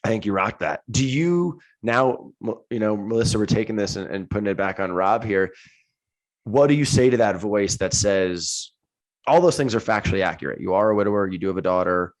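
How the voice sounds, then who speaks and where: A man's voice: fairly low pitch, animated, rough recording. Easygoing male podcast co-host. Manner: friendly, quick to laugh, calls people dude. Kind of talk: casual podcast chat.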